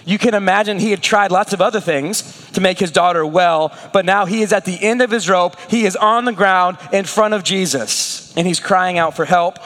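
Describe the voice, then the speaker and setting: High-voiced man preaching in a hall. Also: fairly bright tone. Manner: voices the prayers and lines of the people he talks about. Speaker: pastor. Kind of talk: sermon.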